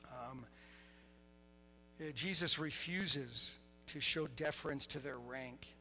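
Bright-voiced animated male preacher. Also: medium pitch, slow, slight background noise, low-quality recording. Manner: animated storytelling, laughing, voicing quotes. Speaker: pastor. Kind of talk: sermon.

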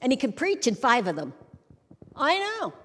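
Middle-aged woman, joking sermon, wry storyteller, higher voice, long hall reverb. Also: huge pitch swings, normal speed, a bit bright. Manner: wry, joking storyteller who acts out quotes. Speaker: church speaker. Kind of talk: humorous sermon.

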